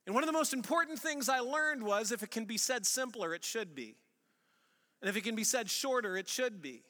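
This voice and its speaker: A man's voice: extremely high pitch, animated, a little fast, bright, forceful tone, big-room sound. A male pastor from Missouri with a St. Louis accent, preaching in a conversational, storytelling way with restarts. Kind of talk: sermon.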